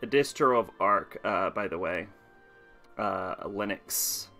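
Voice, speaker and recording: Bright-voiced chatty male streamer. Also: low-pitched, animated, slow, soft background music. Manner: chatty, laughs often, answers chat. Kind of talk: casual game stream commentary.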